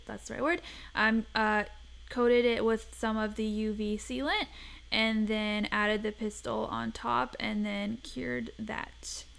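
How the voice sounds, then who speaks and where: A woman's voice: a little high, gravelly, fairly bright tone. A young woman hosting a craft tutorial, talking through each step in a chatty, self-deprecating voice-over.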